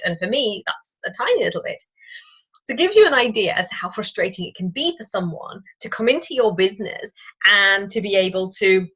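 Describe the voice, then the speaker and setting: A woman in her thirties hosting a solo business podcast, talking straight to the listener in a chatty, lively way. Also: medium pitch, husky. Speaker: podcast host. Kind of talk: casual solo business talk. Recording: dull lo-fi recording.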